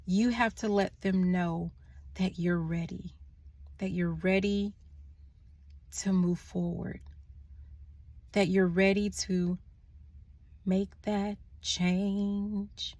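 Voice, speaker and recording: A woman delivers a channeled spiritual message at an unhurried, drawn-out pace, her pitch sitting in an ordinary middle range. She talks softly and earnestly, often easing down into hushed tones. She records on a phone in an indoor room. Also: fairly even intonation, no echo. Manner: slow, soft-spoken and earnest, trailing into hushed tones.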